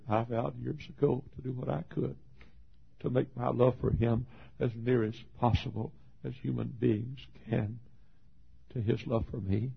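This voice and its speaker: Gravelly older preacher telling stories. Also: male voice, medium pitch, fairly even intonation, unhurried. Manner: folksy storytelling preacher, swings from loud to hushed. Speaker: pastor. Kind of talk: sermon with acted quotes. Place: auditorium. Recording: dull lo-fi sermon recording.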